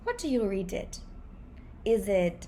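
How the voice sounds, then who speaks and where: A young adult woman with a Thai accent, teaching a language lesson in a lively way and repeating example words slowly. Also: mid-range voice, slight background noise.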